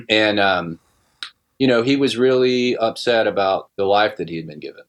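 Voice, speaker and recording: A middle-aged man telling a personal story in casual podcast talk, halting with many restarts and fillers. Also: fairly low pitch. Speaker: guest musician.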